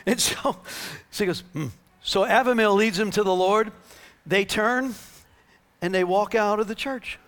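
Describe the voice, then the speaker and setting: A man's voice: high voice, unhurried. A man preaching a sermon, telling a healing story with acted-out dialogue and laughter. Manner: animated, acts out dialogue, laughs.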